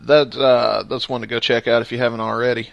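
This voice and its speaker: A man's voice: mid-range voice, little pitch movement, a little fast, gravelly, dry recording. A man hosting a casual podcast, joking and upbeat, with a lot of laughter. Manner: jokey and upbeat, laughs often. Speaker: podcast host.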